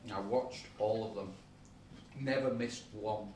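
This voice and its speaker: A man's voice: on the low side, fairly even intonation, unhurried, darkish tone, distant mic. A man co-hosting a podcast, telling things in a hesitant way with many fillers. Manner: hesitant, filler-heavy storytelling. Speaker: podcast co-host. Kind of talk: casual chat. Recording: echoey room, off mic, faint noise.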